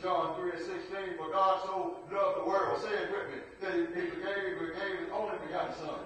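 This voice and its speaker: A man's voice: sits high, flat delivery, moderate pace, a bit bright, heavy reverb, far from the mic, low-quality recording. A man preaching a sermon in a call-and-response style, building to emphatic peaks.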